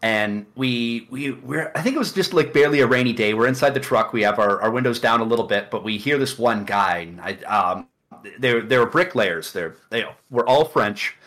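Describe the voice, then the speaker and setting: Middle-aged man, casual podcast chat, rambling anecdotes, acted-out quotes, mid-pitched voice. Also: moderate pace, fairly bright tone.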